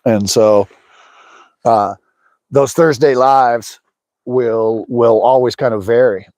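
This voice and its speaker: A man's voice: medium pitch, slow pace, a little mellow, no echo. A middle-aged American man hosting a fishing livestream outdoors, chatting loosely with his viewers and laughing often. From USA. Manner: rambling, talks to chat, laughs often. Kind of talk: casual livestream chat. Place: outdoors by a lake in the snow.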